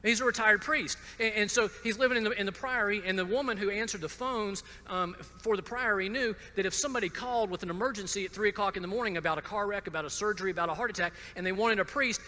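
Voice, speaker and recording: A man from Georgia tells his personal testimony in a halting, self-deprecating way, repeating words as he goes. His voice sits high and sounds very bright and cutting. A long reverb carries it through a large hall. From Georgia, USA. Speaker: speaker at a conference.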